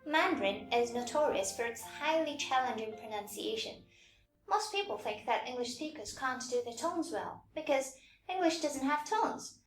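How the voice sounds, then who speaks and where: Woman teaching pronunciation, high voice, patient and clear, bit of room echo. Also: slight background noise. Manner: clear, patient, demonstrates sounds slowly. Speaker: language teacher. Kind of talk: scripted pronunciation lesson.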